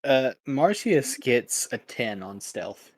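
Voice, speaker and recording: A man at an ordinary mid pitch plays in a tabletop game. He talks easily and sounds amused. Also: sing-song, slow pace. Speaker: player. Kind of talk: casual tabletop play.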